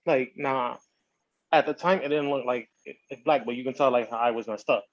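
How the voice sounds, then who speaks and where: A man's voice: mid-range voice, fairly quick, no room sound, muffled recording. A man on a podcast telling a story in casual slang, acting out what people said. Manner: animated, slangy storytelling with quoted voices. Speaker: podcast host.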